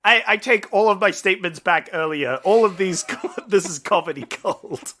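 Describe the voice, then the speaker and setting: Reviewing an old film on a podcast he co-hosts, a man rambles in casual chat, full of fillers and swearing. His high-pitched, somewhat bright voice moves at a moderate pace, with slight background noise.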